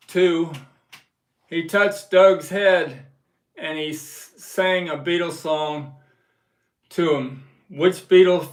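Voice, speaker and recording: A man hosting a casual livestream, telling a story slowly and with emphasis and reading viewer messages aloud. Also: on the high side. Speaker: livestream host. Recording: echoey room.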